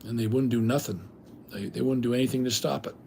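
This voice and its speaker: Gravelly older man rambling through stories. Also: mid-range voice, steady tone, fast talker, a little mellow, slight background noise. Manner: blunt, rambling, salty language. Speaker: livestream host. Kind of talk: casual rambling storytelling.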